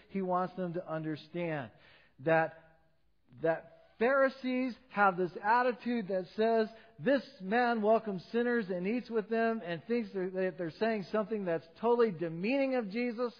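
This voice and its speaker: A middle-aged man pastor preaching a sermon, swinging between loud emphatic peaks and low quiet drops. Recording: dull sound with long hall reverb.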